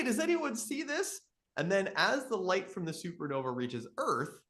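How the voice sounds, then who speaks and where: A man in his thirties from Canada, explaining astronomy with enthusiasm in a live question-and-answer session and telling stories with lively voices. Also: mid-range voice. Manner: enthusiastic storytelling, animated voices in quotes. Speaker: astronomy educator.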